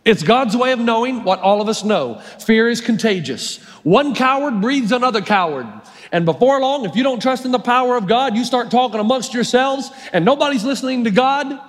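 A man preaching a sermon as pastor, telling the story with lively acted-out dialogue. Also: very high-pitched, fairly quick. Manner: animated storytelling, acting out quotes. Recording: long hall reverb.

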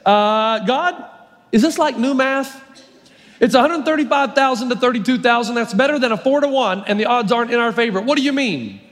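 A man's voice: very high voice, lively intonation, normal speed, fairly bright tone. A male preacher voicing Gideon as a rattled, questioning young man, with long hall reverb. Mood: bewildered. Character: Gideon, anxious bewildered young male warrior.

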